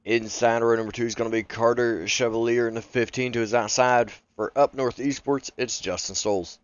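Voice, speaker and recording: Brief: easygoing male race co-commentator, mid pitch, slightly muffled lo-fi mic. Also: a little fast, clean tone, dry recording. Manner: easygoing, excitable on race action. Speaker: sim racing co-commentator.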